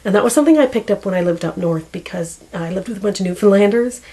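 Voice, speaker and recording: A woman's voice: medium pitch, quick pace, noisy background. A woman in her forties chatting casually to the camera, rambling and often searching for words. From Canada. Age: 40s. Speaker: vlogger.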